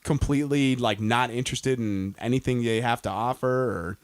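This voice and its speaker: A man's voice: mid-range voice, steady tone, normal speed. A man in his thirties hosting a podcast, talking casually with many fillers and restarts. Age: 30s. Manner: rambling, filler-heavy. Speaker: podcast host. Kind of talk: casual chat.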